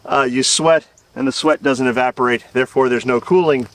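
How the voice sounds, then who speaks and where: A man's voice: medium pitch, fairly even intonation, a little fast, fairly bright tone, dry recording. A middle-aged man from the American South chats through his gardening video with a rambling, self-deprecating manner and chuckles. He is recorded outdoors in his garden. The camera mic sits a little away from him, so he sounds slightly distant. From Southern United States. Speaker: gardening channel host. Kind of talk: casual outdoor video talk.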